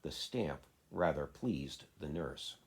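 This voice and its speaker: A man, a father, reading a children's classic aloud in a steady, plain way. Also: a bass voice, slow pace, husky. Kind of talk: storybook reading.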